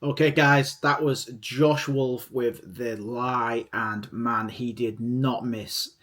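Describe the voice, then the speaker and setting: Middle-aged male reaction host, casual and rambling, mid pitch. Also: steady tone, takes it slowly, fairly bright tone. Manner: rambling and enthusiastic, repeats himself.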